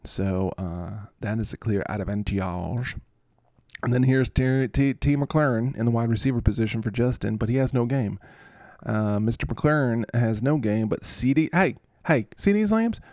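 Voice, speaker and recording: Gravelly, goofy male podcast host. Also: medium pitch, normal speed, dark tone, no echo, studio quality. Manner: goofy, rambling, playful asides. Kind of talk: casual fantasy sports commentary.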